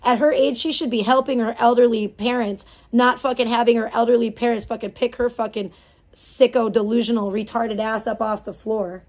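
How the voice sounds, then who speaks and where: A woman streamer in the middle of an angry rant, swearing hard and dripping with contempt. Her voice sits a little high for a woman. She mocks as much as she talks. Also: steady tone, fairly quick, darkish tone. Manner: profane, scornful, mocking. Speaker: live streamer. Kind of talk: angry ranting live stream.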